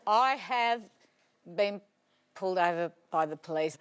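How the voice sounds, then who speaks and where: An Australian woman comedian telling comic stories, animated and self-mocking, often breaking into laughter. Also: on the low side, unhurried, very noisy. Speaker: comedian guest. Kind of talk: comic storytelling.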